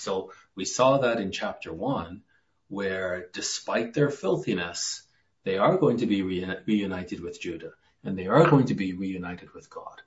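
A man preaching a verse-by-verse Bible sermon, earnest, dropping into a hush when he quotes scripture. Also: sits low, animated, unhurried. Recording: muffled lo-fi sermon recording.

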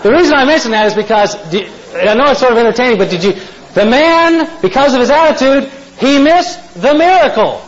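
Preacher, male, high voice, folksy storyteller, dull lo-fi tape. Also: expressive, a little fast, slight background noise. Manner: folksy storytelling, asks the congregation questions. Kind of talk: sermon.

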